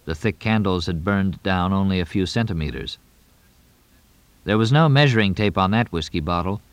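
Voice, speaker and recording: A man narrating a novel audiobook in a measured, even way. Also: sits low, no room sound. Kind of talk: scripted narration.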